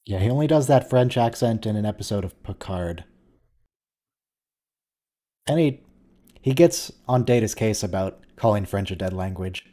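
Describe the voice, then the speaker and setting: Mellow man musing over an episode. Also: on the low side, animated, normal speed, long pauses. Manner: musing, conversational, thinks aloud with restarts. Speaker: watch-along host. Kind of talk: casual live commentary.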